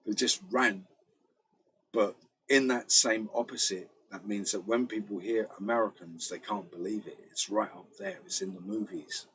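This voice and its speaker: A British man, a bass player, chatting casually in a rambling storytelling way, often acting out other people's voices. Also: fairly even intonation, normal speed, fairly bright tone, breathy edge, poor audio. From Britain. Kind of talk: casual chat.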